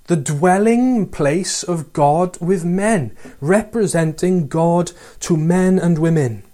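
A man's voice: high voice, takes it slowly, mellow. A man preaching a sermon, earnestly asking his listeners questions and reading scripture aloud.

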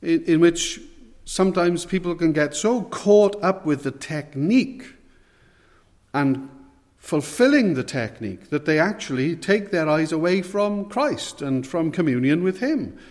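A man preaching an expository sermon in an earnest, measured way, sometimes posing questions to his listeners. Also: on the high side, animated, darkish tone, in a large hall.

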